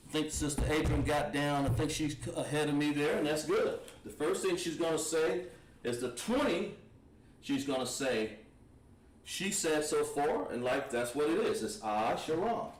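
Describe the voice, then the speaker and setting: A man teaching a language class, patient and encouraging, sounding out words slowly at a board. His voice is at an ordinary pitch and comes from a distance. The room gives it a noticeable echo. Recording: echoey room, voice from far off.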